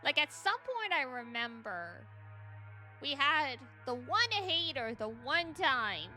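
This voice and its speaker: A young woman from Canada with a high, youthful-sounding voice, chatting quickly and giggling as a VTuber streamer. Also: very animated, pushed and bright, faint music behind. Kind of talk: casual stream chat.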